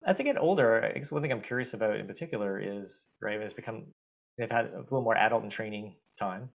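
Gravelly, hesitant male interviewer. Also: on the low side, fast. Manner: hesitant, many fillers and restarts. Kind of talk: interview questions. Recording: dull lo-fi sound.

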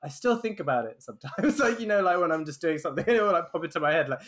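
Casual co-host in his thirties, slightly higher voice, breaks into laughter mid-story. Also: lively intonation, quick pace, hardly any pauses, a bit bright. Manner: laughs often while telling stories. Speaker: podcast co-host. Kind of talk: casual chat.

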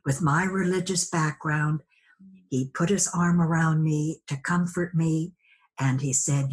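A woman's voice: low voice, steady tone, a little slow. A woman guest sharing a personal story in a conversation, reflective, acting out remembered dialogue.

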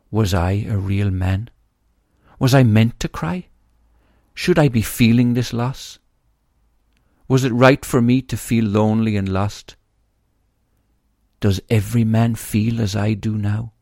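A man's voice: on the low side, darkish tone, dry recording, studio quality. A man reading aloud from his own memoir in an earnest, grieving way, then talking about it.

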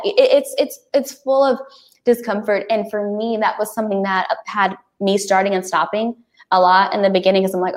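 A woman guest on a podcast, chatting casually and animatedly, with frequent restarts. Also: mid-range voice. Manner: animated, talks fast with many restarts.

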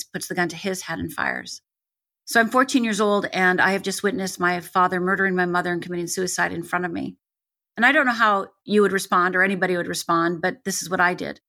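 Bright, intense woman telling her story. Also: fairly low pitch. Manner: vivid, intense, builds to emphatic peaks. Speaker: guest life coach. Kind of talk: candid personal storytelling.

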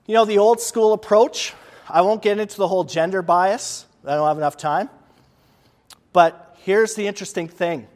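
A man's voice: sits high, normal speed, darkish tone. A man giving a conversational leadership lecture to an audience, emphatic and given to repeating words for stress. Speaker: presenter. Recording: long reverb of a large hall.

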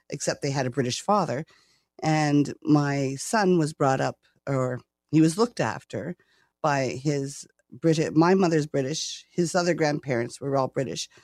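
A woman in her sixties with a Canadian accent talks in a chatty, self-deprecating way, laughing often. Her voice has a gravelly edge. The recording is dry and close. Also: deep voice, darkish tone, dry recording. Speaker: guest. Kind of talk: casual interview chat.

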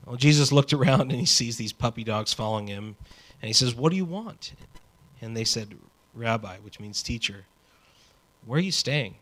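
Male pastor, casual and animated, mid-pitched, preaching a sermon. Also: normal speed. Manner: conversational, animated preaching with asides.

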